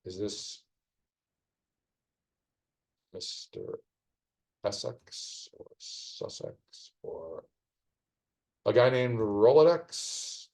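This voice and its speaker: A man's voice: lowish voice, big pitch swings, extremely slow, vocal fry, a little mellow, rough recording. A man casually commenting on a live stream as he solves a crossword, rambling through clues with wry asides. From United States.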